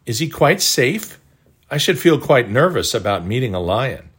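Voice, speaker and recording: A man's voice: mid-range voice, sing-song, moderate pace, a bit bright, slightly rough. A man voicing a polite, uneasy young girl from a storybook. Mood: nervous. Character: nervous young English girl.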